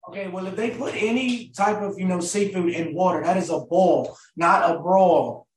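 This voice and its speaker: A young man with a hoarse voice in casual chat, blunt and swearing. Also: sits high, normal speed, reverberant, low-quality recording. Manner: blunt, swears, rough-edged.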